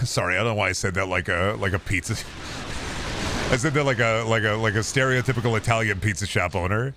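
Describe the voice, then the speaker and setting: A low-voiced man streams a game and rambles through casual, profane commentary with jokey asides. Clear noise runs behind his voice on the stream audio. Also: fairly quick.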